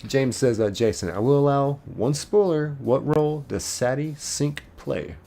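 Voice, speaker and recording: A man's voice: mid-range voice, unhurried, gravelly, mellow. A man live streaming a game, reading viewers' chat messages aloud and answering them playfully. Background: faint game music.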